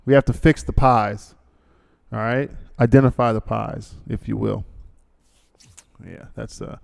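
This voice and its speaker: A man with a gravelly, darkish, medium-pitched voice hosts a podcast, delivering a rambling, joking monologue packed with fillers and asides, and reads a sponsor ad along the way.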